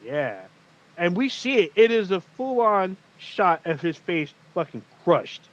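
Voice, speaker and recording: With a high voice and a measured pace, a man co-hosting a podcast recaps a TV episode casually, his storytelling animated and full of swearing as he acts out what the characters said. The recording is muffled and lo-fi.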